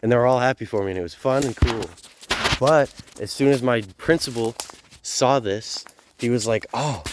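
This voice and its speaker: A man's voice: medium pitch, moderate pace, noisy background. A young man casually telling a personal story in a rambling, laid-back way, full of fillers and swearing. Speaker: vlogger.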